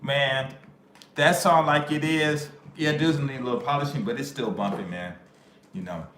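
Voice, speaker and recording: Middle-aged male vlogger, rambling slangy rant, bursts loud now and then, echoey room. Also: medium pitch, normal speed. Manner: loose, rambling, slangy, with sudden raised outbursts. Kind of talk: casual rant to camera. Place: living in Japan. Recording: echoey room with faint ambient noise.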